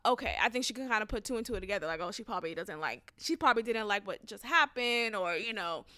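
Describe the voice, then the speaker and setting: A young adult woman hosting a podcast, ranting casually in an animated, profane way that flares into loud outbursts. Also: medium pitch, fast talker, no echo, clean studio sound. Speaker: podcast host. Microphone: close studio mic.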